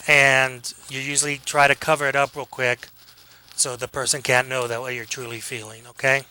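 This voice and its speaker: A college lecturer gives a casual class, joking around with students, acting out quick examples, and frequently checking in with "okay?". His voice is fairly high, pushed and bright, and the recording quality is low.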